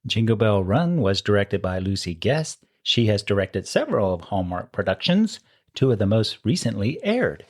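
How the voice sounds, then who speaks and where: A man's voice: on the low side, sing-song, normal speed. A man co-hosting a podcast in casual chat, easygoing and agreeable while reading credits. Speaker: podcast co-host.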